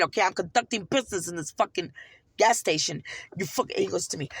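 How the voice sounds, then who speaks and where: A woman's voice: deep voice, lively intonation, a little fast, creaky, breathy edge, dry recording. An American woman ranting in a casual vlog, swearing heavily and sounding heated and indignant. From United States. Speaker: vlogger. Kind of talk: casual storytelling rant.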